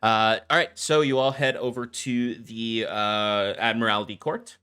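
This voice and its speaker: A man's voice: fairly low pitch, fairly even intonation, unhurried, bright, forceful tone, smooth. A man acting as game master, narrating a tabletop game in a rambling, hesitant way and laughing often.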